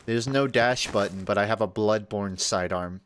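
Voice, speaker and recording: A man's voice: lowish voice, normal speed, a bit bright, a little hiss or hum. Man streaming games, joking offhand. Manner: joking, offhand, tired late-night banter. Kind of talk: casual live commentary while gaming.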